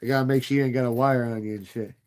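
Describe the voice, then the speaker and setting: A man's voice: mid-range voice, fairly even intonation, very fast, darkish tone, clear, resonant tone. A man in his thirties hosting a livestream, chatting casually and profanely with viewers in a rambling, playful way. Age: 30s. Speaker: livestream host.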